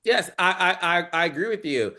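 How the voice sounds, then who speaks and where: A man hosting a casual reality-TV recap chat, animated and dramatic, acting out quoted lines in squealing voices. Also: high voice, fairly quick. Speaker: podcast host.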